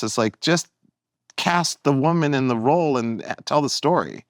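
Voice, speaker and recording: A male guest comedian talking in casual conversation, rambling and animated with many restarts. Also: medium pitch, brisk, no room sound, studio quality.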